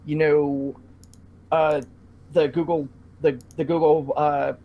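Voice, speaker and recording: A man hosts a casual podcast, rambling loosely with lots of fillers and restarts. His fairly high voice shows little pitch movement and moves slowly, and the recording is muffled.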